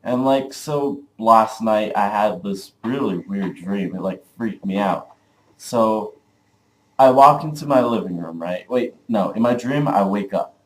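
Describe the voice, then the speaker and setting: A man's voice: lowish voice, expressive, a little slow. A young man vlogging, telling a dream story casually, rambling with lots of "like" and swearing. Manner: rambling, full of "like", profane.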